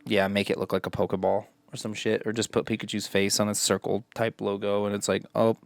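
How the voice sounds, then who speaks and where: Low gravelly male co-host, animated, profane, dry close mic. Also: quick pace, dry recording. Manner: animated, swears often, mocking put-on voices. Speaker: podcast co-host. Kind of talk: casual chat.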